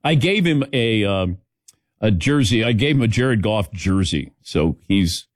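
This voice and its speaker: A man's voice: fairly low pitch, lively intonation, measured pace, no room sound, studio quality. A middle-aged man hosting a sports talk show, joking with his crew, laughing often and calling on them by name. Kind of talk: casual studio banter.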